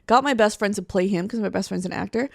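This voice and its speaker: Young woman, gravelly voice, profane animated storytelling, dry close mic. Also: medium pitch, fast talker, no echo. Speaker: co-host. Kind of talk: casual chat.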